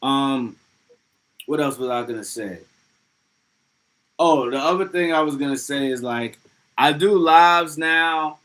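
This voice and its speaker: A man hosting a casual livestream, talking loosely and excitably with plenty of profanity as he reads out chat messages. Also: on the high side, slow, long pauses, low-quality recording. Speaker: livestream host.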